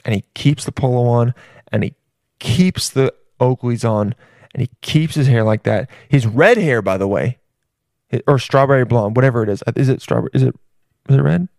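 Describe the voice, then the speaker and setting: A man's voice: medium pitch, expressive, normal speed, vocal fry, darkish tone, no room sound. A man in the middle of a vulgar comedic riff, tumbling through restarts and profanity in an ordinary mid-range voice. The recording is dry and close, with no room sound. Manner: crude, rambling, with many restarts and swearing.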